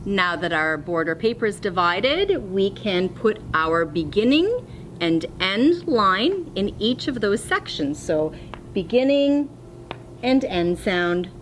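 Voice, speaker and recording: Woman teacher, patient and clear for small children, animated pitch, slight hum on the recording. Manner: slow, clear, encouraging teacher talk to young children. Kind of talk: distance-learning phonics lesson.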